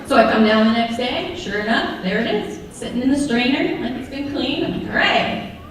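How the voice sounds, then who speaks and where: A woman performing a stand-up routine, sarcastic and animated as she tells stories. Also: on the high side, brisk, slight background noise. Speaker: stand-up comedian. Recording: echoey venue, mic far off.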